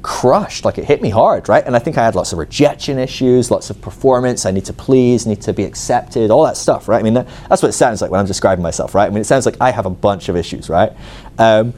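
Male preacher, storytelling sermon, quick and animated, mellow tone, self-mocking. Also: lowish voice. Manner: animated, self-mocking, acts out his own angry inner voice; many fillers like "like" and "right?". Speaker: ministry school teacher.

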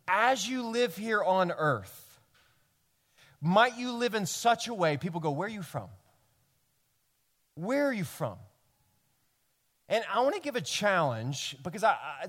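A man from Tennessee with a Southern accent, preaching a sermon as pastor, earnest and animated, building to emphatic peaks. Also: sits high, long reverb tail. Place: church sanctuary.

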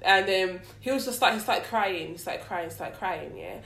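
A woman's voice: mid-range voice, expressive, fairly bright tone, echoey room, recorded from a distance. A woman in her twenties with a London accent, telling a story in casual chat, acting out the lines of people she quotes. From London, England. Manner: rapid, storytelling, acts out quotes, laughs often.

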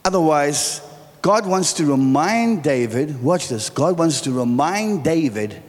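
Middle-aged male preacher, bright high voice that swings all over, playful with the crowd, recorded in a big echoing hall. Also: measured pace. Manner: joking and animated, quizzing the congregation. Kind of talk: sermon. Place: large church hall. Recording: church hall reverb with faint music.

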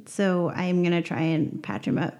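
Mellow-voiced woman player. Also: fairly low pitch, fairly even intonation, normal speed. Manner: hesitant, casual. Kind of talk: casual tabletop play.

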